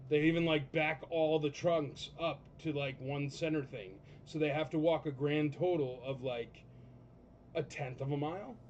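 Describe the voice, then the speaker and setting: A man's voice: fairly high pitch, slight background noise. A man hosting a live auction stream, rambling and joking with viewers between lots. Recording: dull lo-fi stream audio with loud music behind. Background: music.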